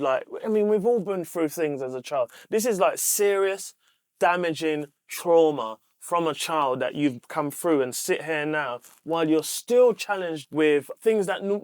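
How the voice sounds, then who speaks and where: A man's voice: fairly high pitch, no room sound, clean studio sound. A man with a London accent hosting a podcast, talking earnestly in casual street slang and repeating his phrases. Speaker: podcast host. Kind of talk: casual chat.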